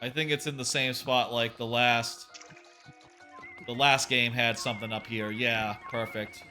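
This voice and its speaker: Guy streaming a game, bright tone, rambly and swears a lot, soft game music behind. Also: mid-range voice, a little slow. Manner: rambling, swears, many fillers, animated quoting. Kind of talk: casual gameplay commentary.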